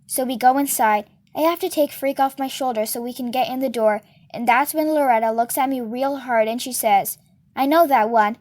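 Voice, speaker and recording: A woman's voice: high-pitched, a little fast, hardly any pauses, darkish tone. A woman reading a novel aloud and giving each character a voice of her own. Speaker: reader.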